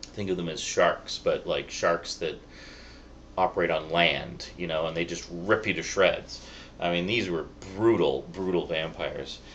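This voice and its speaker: A man's voice: sits low, measured pace, fairly bright tone. A man giving a chatty, rambling spoken review, full of fillers and little laughs, his voice cracking at times. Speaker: Blu-ray reviewer. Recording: dull lo-fi sound, faint noise.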